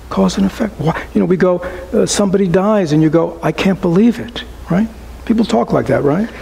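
A man giving a relaxed, conversational dharma talk to a small group as a Buddhist teacher, often asking rhetorical questions and adding "right?". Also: high voice, gravelly, husky, low-quality recording.

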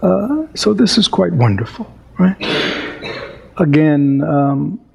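Slow, creaky-voiced male meditation teacher. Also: on the high side, big pitch swings. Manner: unhurried, many fillers and rhetorical questions. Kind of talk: dharma talk with a story reading.

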